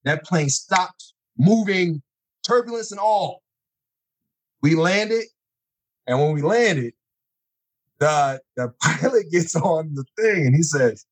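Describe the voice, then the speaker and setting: Animated storytelling man, lively pitch. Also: slow pace, long pauses, rough recording. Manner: lively, acts out scenes with sudden high-pitched exclamations. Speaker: guest telling personal stories.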